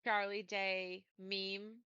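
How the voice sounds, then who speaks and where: A woman's voice: mid-range voice, level tone, drawn-out words, pushed and bright, clear, resonant tone, dry recording, lo-fi sound. A woman co-hosting a podcast in casual chat, teasing and laughing through playful banter. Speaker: podcast co-host.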